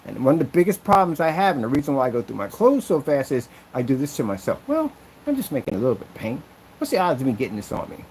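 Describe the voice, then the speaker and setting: A man's voice: medium pitch, big pitch swings, quick pace, a little mellow, slight background noise, poor audio. A man who makes projection screens, ranting in a casual vlog with an aggrieved, rambling, repetitive way of talking. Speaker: projection screen maker and seller.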